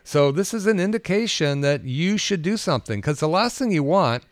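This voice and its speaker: A male doctor talks casually on a podcast, telling anecdotes about his patients in a conversational way with many fillers and restarts. His fairly high-pitched voice has lively intonation and a moderate pace, with no room sound.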